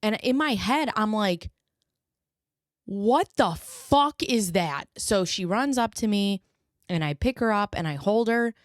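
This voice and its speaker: A woman's voice: medium pitch, animated, moderate pace, smooth, no echo, clean studio sound. A young woman hosting a podcast, telling a story casually with fillers and swearing, acting out quoted lines in a raised voice. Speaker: podcast host.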